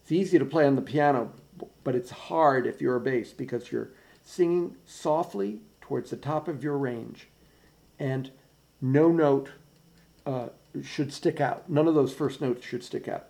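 A man directing a choir's bass section, patiently explaining how to sing each phrase and counting them in. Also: unhurried, darkish tone. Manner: patient, precise coaching with counting in. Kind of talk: choir rehearsal instruction. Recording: practice recording with piano.

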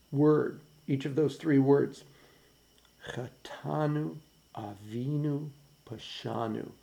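A man leads a choir practice at an unhurried pace, explaining phrasing with care and counting the beats aloud. His voice is dark and gravelly, with a piano playing faintly behind him. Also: a little high, poor audio. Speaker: choir director.

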